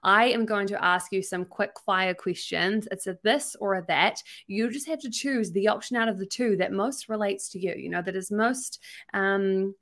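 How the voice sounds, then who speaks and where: A woman's voice: mid-range voice, normal speed, a bit bright. Young Kiwi woman, podcast host, effusive and upbeat, mid-range voice. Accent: New Zealand. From New Zealand. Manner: enthusiastic, effusive. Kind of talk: casual podcast interview.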